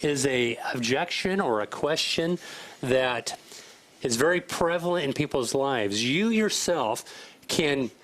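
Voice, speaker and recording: A man co-hosting a faith talk show in earnest, fast bursts, repeating his points. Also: medium pitch, lively intonation, a bit bright, low-quality recording. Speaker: co-host. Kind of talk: casual talk show chat, preachy.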